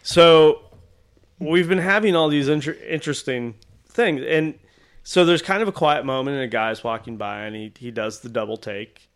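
A man telling a story from an art convention to his co-hosts. He is animated and playful, slipping into other people's voices and laughing along. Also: fairly high pitch, normal speed. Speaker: artist recounting a convention story. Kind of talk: casual podcast storytelling.

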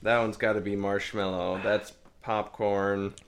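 A man's voice: fairly low pitch, level tone, a little slow, a little hiss or hum. A man in casual chat, wry and amused.

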